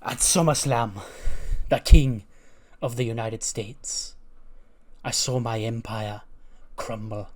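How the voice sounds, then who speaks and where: A man doing a brooding, vengeful wrestler who drags out every word with cold menace. The villain speaks slowly and deliberately, as in a wrestling game story told by a player. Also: medium pitch, fairly even intonation, darkish tone, close to an everyday voice. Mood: menacing. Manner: slow, deliberate, brooding delivery.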